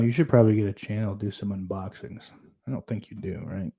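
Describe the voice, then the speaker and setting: A man's voice: fairly low pitch, steady tone, a little fast, gravelly, mellow, breathy edge. A man hosting a casual podcast livestream, reading chat messages aloud and answering them in a rambling, sarcastic way with plenty of swearing.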